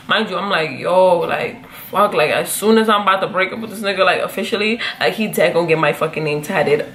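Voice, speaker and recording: A young woman telling a personal story in a casual, animated, profane way, jumping up in pitch when she quotes herself. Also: a little fast. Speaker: vlogger.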